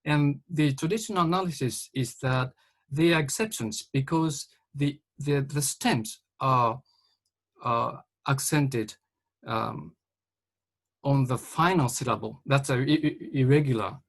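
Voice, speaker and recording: Gravelly man asking a question. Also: mid-range voice. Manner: careful, halting, with many fillers and restarts. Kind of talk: academic Q&A question.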